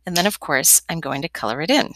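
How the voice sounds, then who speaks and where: A woman's voice: low-pitched, lively intonation, fast talker, a bit bright. A young woman teaching a step-by-step drawing lesson as an art teacher, chatty and encouraging with playful asides.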